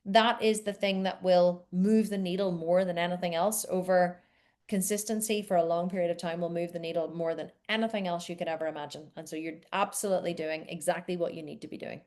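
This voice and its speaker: A woman's voice: fairly low pitch, steady tone, a little fast, a little mellow. A woman in her forties hosting a live Q&A call, chatting in a rambling, encouraging way. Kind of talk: casual chat.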